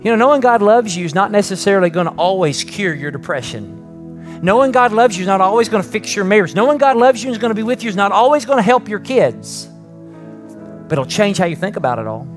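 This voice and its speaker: Middle-aged pastor guy preaching, kinda high voice, chatty sermon w/ lots of questions, soft instrument playing under. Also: lively intonation, fast, soft background music. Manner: conversational preaching with rhetorical questions; rising emphatic peaks then soft prayerful close. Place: church with live congregation and online stream.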